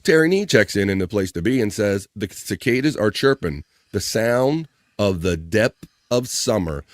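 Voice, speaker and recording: A man hosts a live stream and reads viewer comments aloud, joking and calling out names. His voice sits fairly low. The sound is dry and close, with no room echo. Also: animated, moderate pace. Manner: playful, jokey, shouting out viewers by name. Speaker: live-stream show host.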